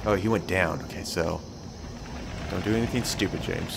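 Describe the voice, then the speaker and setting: A young man giving excitable, swearing commentary while playing a video game, talking to himself. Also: low-pitched, normal speed, creaky, pauses often, background noise. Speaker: gameplay commentator. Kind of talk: let's play commentary.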